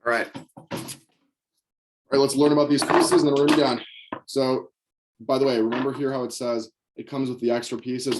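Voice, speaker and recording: Young male sales coach, upbeat and direct, repeats key lines for note-taking. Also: medium pitch. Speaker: sales trainer. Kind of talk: sales training session. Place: indoors with knives on a table.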